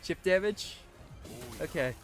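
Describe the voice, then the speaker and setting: A young man live-streaming a game, swearing often and swinging between squealing pleas and low muttering. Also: animated, slow pace, faint music behind. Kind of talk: live gameplay commentary.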